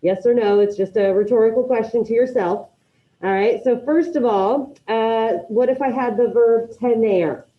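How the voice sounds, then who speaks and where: A woman's voice: on the high side, moderate pace. Upbeat woman teacher calling on students. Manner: encouraging, calls on students by name. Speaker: high school Spanish teacher. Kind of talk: online class teaching. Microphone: video call. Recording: dull lo-fi video call audio.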